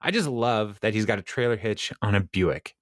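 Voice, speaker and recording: Low-voiced guy rambling through a tv recap, laughs a lot, dry close sound. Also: lively intonation, normal speed, dry recording. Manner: rambling, laughs often, acts out quotes. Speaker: podcast co-host. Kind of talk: casual recap chat.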